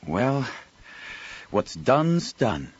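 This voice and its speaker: A man's voice: medium pitch, sing-song, very slow, breathy edge, muffled recording, voice pushed up, exaggerated voice. A man voicing a gaunt, tall male officer who speaks in a dry, resigned way.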